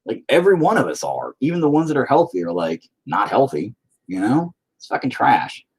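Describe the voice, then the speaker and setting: A man's voice: medium pitch, huge pitch swings, fairly quick, a little mellow, slightly rough. A man rambling to himself while painting, profane and self-deprecating. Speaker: painter talking to camera. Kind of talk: rambling casual monologue.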